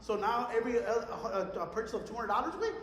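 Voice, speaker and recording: Speaking fast in a very high voice, a young co-host animatedly recounts stories on a laid-back podcast, cursing and switching between English and Spanish slang. There's a little hiss or hum, and the room echoes with long reverb.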